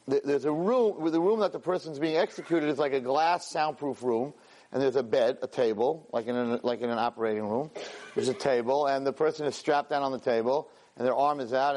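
In a medium-pitched voice, a man tells a story to his weekly class with lively energy. He stumbles and repeats words as he acts out the characters' lines in this animated storytelling lesson.

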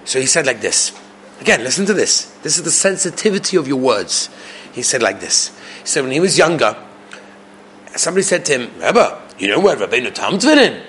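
A man's voice: mid-range voice, sing-song, fairly quick, fairly bright tone, slight background noise. A man giving a storytelling Torah class, acting out the voices of the people in his stories and asking his listeners frequent rhetorical questions. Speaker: rabbi teaching a class.

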